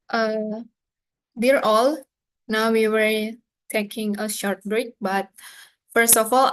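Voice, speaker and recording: Bright-voiced female emcee. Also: fairly high pitch. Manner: courteous, formal address to the audience. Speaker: master of ceremonies. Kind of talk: formal announcements.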